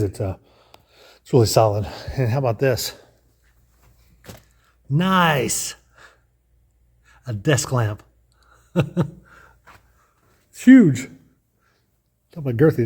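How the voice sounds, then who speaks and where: Man, touring vlogger, casual, musing, thinks aloud, restarts, mid pitch. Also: mellow, slightly rough. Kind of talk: casual walkthrough narration.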